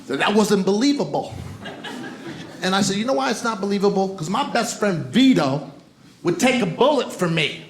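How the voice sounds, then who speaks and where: Stand-up comic, man in his forties, high voice with a bouncy, lively delivery, working the room. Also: normal speed. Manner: punchy crowd banter, riffing. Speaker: stand-up comedian. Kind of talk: stand-up set. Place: comedy club stage. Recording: roomy live club with loud crowd noise.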